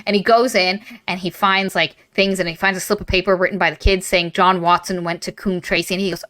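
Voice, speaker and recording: A woman's voice: mid-range voice, fairly even intonation, a little fast, hardly any pauses, bright, forceful tone, no echo. A woman co-hosting a casual book-club chat, animatedly retelling the plot and acting out the characters' lines. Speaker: podcast co-host.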